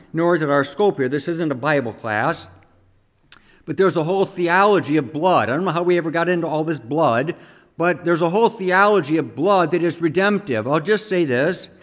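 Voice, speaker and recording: A man preaching a teaching homily in a conversational way, asking the listeners questions and acting out the quotes himself. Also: on the high side.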